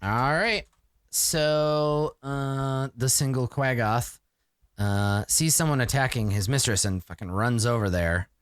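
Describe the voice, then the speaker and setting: A man's voice: medium pitch, slow, smooth, no echo, studio quality. A man running a tabletop game as game master, making casual rulings with filler words.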